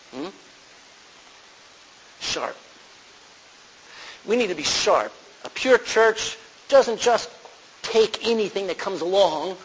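A man's voice: high-pitched, rough recording. A man preaching a sermon as pastor, often asking his congregation "Amen?" as he goes. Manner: preaching with frequent call-and-response "Amen?". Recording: faint hiss.

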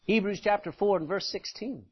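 A man preaching a sermon as pastor, animated, swinging from loud emphasis to quiet asides and laughing often. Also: high voice, normal speed, breathy edge. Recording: dull lo-fi recording.

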